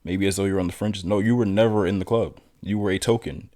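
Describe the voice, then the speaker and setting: A man's voice: low-pitched, fairly even intonation, fast talker, darkish tone. A man giving political commentary in a blunt, lecturing, confrontational manner.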